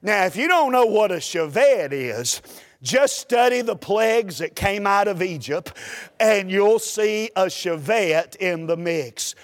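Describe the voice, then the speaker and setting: High-voiced folksy preacher. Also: male voice, measured pace, in a large hall. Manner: folksy, animated storyteller. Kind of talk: humorous sermon storytelling.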